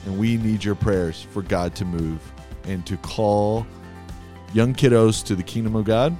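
A man's voice: fairly low pitch, steady tone, a little slow, dark tone, faint music behind. A man hosting a church podcast in a studio booth, upbeat and laughing often in casual chat. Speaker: podcast host.

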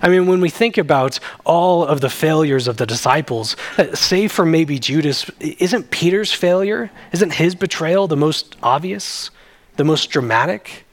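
A man's voice: fairly high pitch, animated, normal speed. A man, a pastor, preaching a sermon in an earnest, conversational way.

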